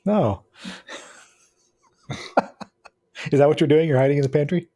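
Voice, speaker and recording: A man narrating a tabletop game as game master, describing scenes in a halting way. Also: a little high, warm tone.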